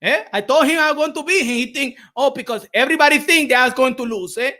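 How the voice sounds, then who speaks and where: A man's voice: extremely high pitch, fast talker. A man impersonating a cocky male boxer with a Dominican Spanish accent, taunting in broken English mixed with Spanish curses. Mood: boastful. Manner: taunting, shouting, mocking.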